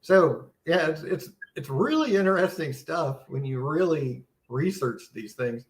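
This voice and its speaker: A man's voice: a little high, lively intonation, measured pace, reverberant. A man giving a casual, earnest Bible seminar talk, teaching conversationally with many restarts and a sense of wonder. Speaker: seminar presenter.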